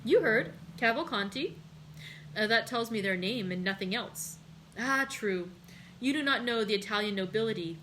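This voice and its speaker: A woman hosting a library read-aloud, reading a classic novel and lifting her voice for excited dialogue. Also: slight background noise, rough recording. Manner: voices characters with raised pitch in excited dialogue.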